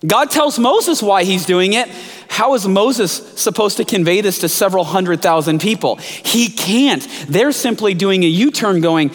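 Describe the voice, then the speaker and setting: A male pastor delivering a sermon in an animated storytelling manner. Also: high-pitched, a little slow. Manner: animated storytelling, jumps into character voices. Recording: echoey hall.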